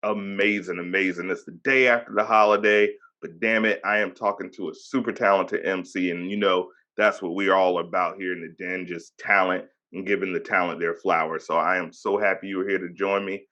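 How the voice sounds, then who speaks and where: Low-voiced virginia guy in his 30s hosting a podcast, upbeat and chatty, hypes up his guest. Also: fairly even intonation, brisk, few pauses, pushed and bright, highs cut off. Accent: Hampton Roads Virginia. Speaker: podcast host. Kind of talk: casual podcast interview.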